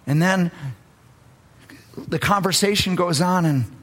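A woman's voice: lowish voice, slow pace. A woman preacher delivering a sermon, telling a story with earnest swells and drops in emphasis.

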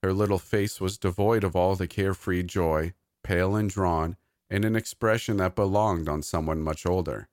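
A man with a deep, low voice reads a scripted horror story in a measured, even way. The sound is dry and close, with no room around it. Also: no echo.

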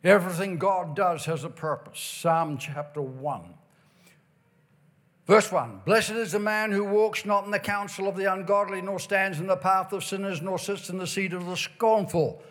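High-voiced emphatic male preacher. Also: a bit bright. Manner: emphatic, drawn-out emphasis on key words. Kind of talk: sermon. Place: church during revival meeting.

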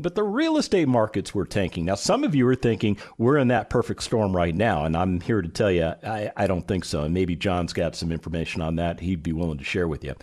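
A middle-aged man hosting a radio talk show, animated and playful, building up his guest with emphatic asides. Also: on the low side.

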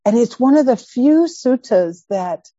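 A woman teaching Buddhist dharma, telling a personal story in an animated, emphatic way and repeating words for stress. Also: a little high, unhurried, no room sound, highs cut off. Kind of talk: dharma talk with personal anecdote.

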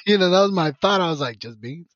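A man's voice: sits high, fast talker, no room sound. A man from Mexico telling a rambling, profane story in casual podcast chat, full of restarts. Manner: profane, rambling, animated retelling with many restarts. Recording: dull lo-fi podcast audio.

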